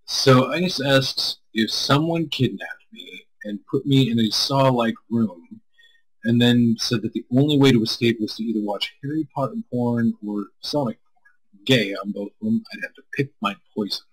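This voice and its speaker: On a live stream he co-hosts, a man chats casually with viewers, responding to chat in a rambling, loose way and cursing freely. His voice is medium-pitched at a moderate pace, and the recording is rough.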